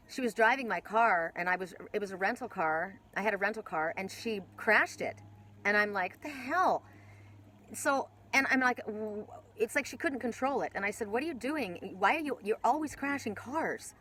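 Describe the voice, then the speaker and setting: A woman's voice: mid-range voice, fairly bright tone, slight background noise, low-quality recording. A woman giving a casual spiritual oracle card reading, rambling with many restarts and casual swearing.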